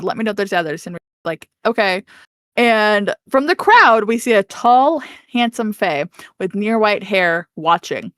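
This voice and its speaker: A woman co-hosting a podcast, retelling a book's scenes with quick animated storytelling. She laughs often and swears playfully. The sound is dry and close, at an ordinary middle pitch. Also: no echo. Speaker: podcast co-host. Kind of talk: casual book recap.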